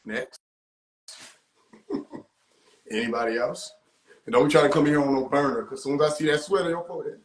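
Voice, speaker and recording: Man, young adult, high-pitched, animated and profane, laughing a lot, echoey room. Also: normal speed, long pauses. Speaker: livestream host. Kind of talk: casual livestream rant. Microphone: phone.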